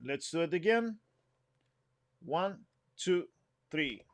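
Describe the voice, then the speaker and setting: A man's voice: on the high side, lively intonation. Man teaching music phrasing. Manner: explains slowly, sings phrases and counts in. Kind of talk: instrument lesson.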